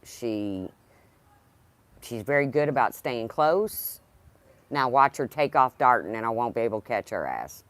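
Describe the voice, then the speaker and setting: Woman hosting a casual livestream, low pitch with lively swings, rambling. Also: normal speed, no echo. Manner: rambling, talks to her dog. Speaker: livestream host.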